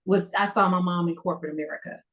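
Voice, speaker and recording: A woman's voice: fairly low pitch, steady tone, quick pace, a bit bright, rough recording. A woman guest on an interview show, talking in a confident, talkative way with playful boasting. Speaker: guest content creator. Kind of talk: casual interview chat.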